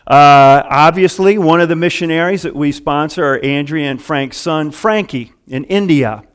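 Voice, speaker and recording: A man's voice: a little high, moderate pace, clear, resonant tone. A middle-aged male pastor preaching a casual, chuckling sermon full of fillers and restarts.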